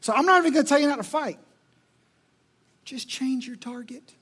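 A man's voice: very high-pitched, normal speed, fairly bright tone, breathy edge. A male pastor preaching a sermon in an emphatic, repetitive, rhetorical style.

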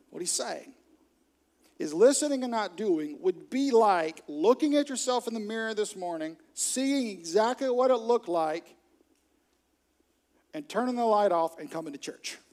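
A man preaching a sermon to a congregation, animated and humorous, acting out little quoted scenes. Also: high voice, measured pace, long pauses. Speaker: pastor.

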